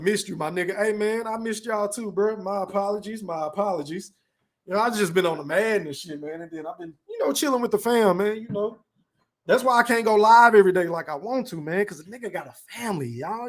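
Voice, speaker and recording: A brash man with a high-pitched voice runs a live podcast stream. He reads chat comments aloud and peppers his casual talk with profanity. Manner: brash, profane, drawn-out shout-outs.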